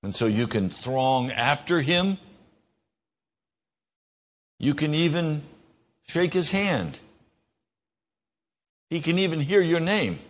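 Slow earnest guy preaching a sermon, pitch climbs when he drives a point home, kinda muffled lo-fi sound. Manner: earnest, rises in pitch for emphasis and mimicked dialogue.

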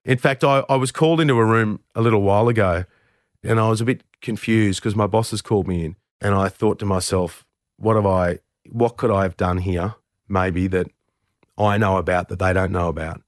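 A middle-aged man recounts his own mishaps with a candid, self-deprecating ease. His voice sits low, and the dry close-mic sound leaves no room around it. He picks up energy as the story turns funny. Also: fairly quick, no room sound. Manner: candid, self-deprecating, animated when telling anecdotes. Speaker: radio host, interview guest. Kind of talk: conversational storytelling.

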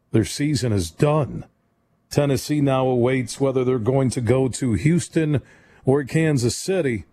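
Male sports radio host, mellow voice, fast-talking, opinionated. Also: medium pitch, a little hiss or hum. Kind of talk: late-night sports call-in show. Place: radio studio.

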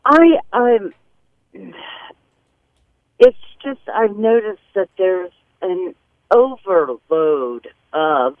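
A woman's voice: medium pitch, animated, very slow, long pauses, no echo. A woman calling in to a radio show, airing a grievance in a hesitant, rambling way full of fillers. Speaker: caller. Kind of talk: call-in radio complaint. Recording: tinny phone line.

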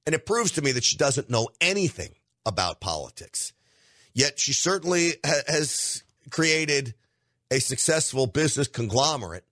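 A man's voice: medium pitch, very animated, normal speed, sharp tone, dry recording. A middle-aged man hosting a podcast, delivering an emphatic opinion monologue straight to his listeners. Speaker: podcast host.

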